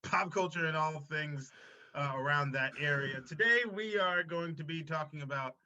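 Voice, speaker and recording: A man's voice: fairly high pitch, normal speed, sharp tone, a little hiss or hum. A man hosting a casual podcast, opening the show in a loose, joking way with some swearing. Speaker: podcast host. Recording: dull lo-fi sound.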